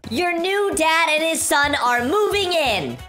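A woman's voice: very high-pitched, animated, measured pace, heavily acted. A woman playing a giddy newlywed mom. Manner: gushing, cheery. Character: excitable newlywed mom, playful and bubbly. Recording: loud game music behind.

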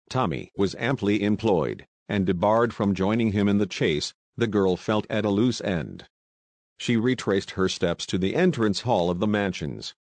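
A man narrating an audiobook in a steady, even storytelling way. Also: fairly low pitch, no room sound.

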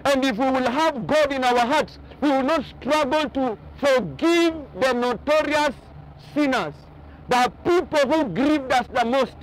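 Male pastor, very high voice, emphatic repetitive preaching style. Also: a little slow, slight background noise, rough recording. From Kenya. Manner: emphatic preaching with repeated phrases. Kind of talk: sermon. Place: outdoors on a boat by the ocean.

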